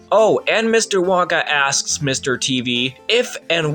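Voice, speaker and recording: Animated sarcastic young man. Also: moderate pace, few pauses, soft background music. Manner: sarcastic, exasperated, lively swings in pitch. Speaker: video essayist. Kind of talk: scripted commentary review.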